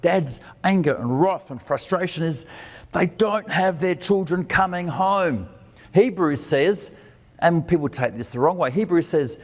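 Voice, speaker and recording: A man's voice: on the high side, measured pace. A man giving a conversational sermon. He asks questions and answers them himself, and he acts out the quoted lines of dialogue with changes in his voice. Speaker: preacher and teacher. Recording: long reverb of a hall.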